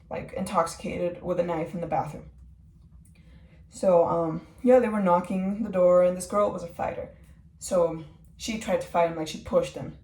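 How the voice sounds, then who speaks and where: A woman's voice: lowish voice, darkish tone. Rambling young woman, echoey and distant. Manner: rambling, heavy use of "like" and "um". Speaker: vlogger. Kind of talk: personal testimony. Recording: echoey room from far off.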